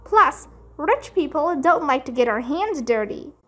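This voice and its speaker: A spoiled rich little girl from a storybook, whiny and sing-song, high and squealy, as a woman reads her aloud. She draws her words out slowly. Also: lively intonation, a bit bright. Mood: showing off.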